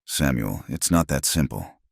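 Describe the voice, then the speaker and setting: A man voicing an earnest young woman, a jilted schoolteacher, lifting his deep voice slightly. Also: animated, a little slow, vocal fry, slightly rough, no room sound, studio quality, full character voice.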